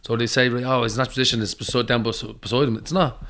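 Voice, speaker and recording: A man's voice: mid-range voice, steady tone, fast talker, a bit bright. Male podcast host, chatty and agreeable. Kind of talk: casual podcast chat.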